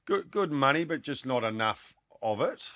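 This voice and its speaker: A man's voice: medium pitch, expressive, moderate pace, pushed and bright. A middle-aged Australian man with an Australian accent, telling his story as a podcast guest with dry humour. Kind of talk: casual chat.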